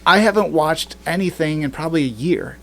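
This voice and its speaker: A man hosting a casual podcast, rambling and profane, thinking through figures out loud. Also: fairly high pitch, a little fast, creaky. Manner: rambling, profane, works through numbers aloud. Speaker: podcast host.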